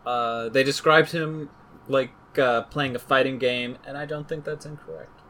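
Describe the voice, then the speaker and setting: A man with a bright, forward voice runs through game update notes on a casual podcast. He jokes and rambles, poking fun at himself and his co-host. A faint hum of background noise sits under the recording. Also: medium pitch, fairly even intonation, moderate pace. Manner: joking, rambling, self-deprecating. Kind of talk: casual chat reading game patch notes.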